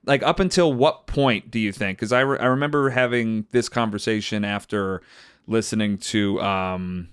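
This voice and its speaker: A man's voice: fairly low pitch, normal speed, a bit bright, smooth, no room sound, studio quality. A man co-hosting a casual chat, rambling and filling his talk with likes and ums. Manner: rambling, lots of fillers. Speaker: podcast co-host.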